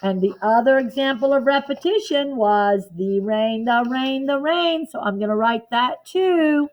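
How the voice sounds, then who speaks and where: Counting out beats aloud and checking in with the children, a woman teacher leads a slow, patient, encouraging lesson in class. She has a high voice with a darkish tone, captured in dull audio.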